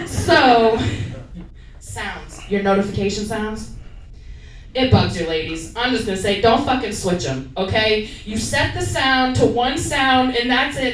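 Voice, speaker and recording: A woman's voice: mid-range voice, slight background noise. A woman doing an open mic stand-up set, profane, rambling and self-mocking, in a small comedy club. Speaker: stand-up comic. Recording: echoey club mic from a distance.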